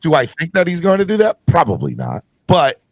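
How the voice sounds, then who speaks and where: A man's voice: on the high side, huge pitch swings, brisk, creaky, no echo. A man hosting a casual sports podcast, talking emphatically and often restarting his sentences. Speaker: podcast host.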